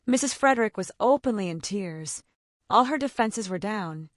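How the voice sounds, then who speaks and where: A woman narrating an audiobook in an expressive storytelling style. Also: medium pitch, normal speed, no room sound, clean studio sound. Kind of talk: scripted narration.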